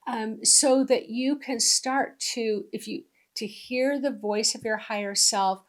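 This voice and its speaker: A middle-aged woman giving a gentle, unhurried spiritual teaching talk with soft asides. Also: fairly high pitch.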